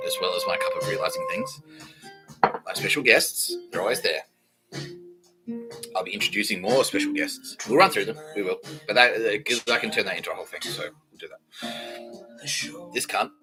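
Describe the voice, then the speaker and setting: A man's voice: fairly low pitch, moderate pace, pauses often, loud music behind the voice, rough recording. A man hosting a comedy podcast, rambling and self-mocking, with sudden jumps in volume. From Australia. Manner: lively, self-mocking, swearing, jumpy volume. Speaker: podcast host.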